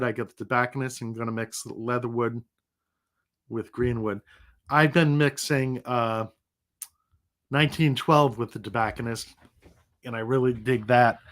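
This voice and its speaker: Middle-aged male stream host, recovering from illness, loose rambling chat, mid-pitched voice. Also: fairly bright tone. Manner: rambling, chatty, laughs easily. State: sick, recovering. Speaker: livestream host. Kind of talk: casual livestream chat.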